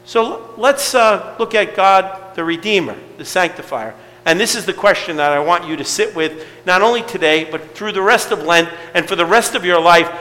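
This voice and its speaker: A man's voice: sits high, animated, moderate pace, hardly any pauses, bright, forceful tone, in a large hall, poor audio. A middle-aged man preaching a sermon to his congregation in a conversational way, asking rhetorical questions. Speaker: pastor.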